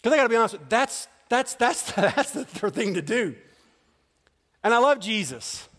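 A man, a pastor, preaching a sermon with animated storytelling and frequent laughter. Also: very high voice, normal speed. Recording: long reverb of a large hall.

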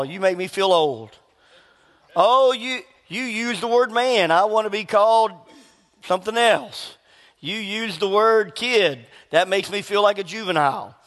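High-voiced male pastor in a reverberant hall. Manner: animated storytelling, acts out quoted voices. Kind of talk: sermon.

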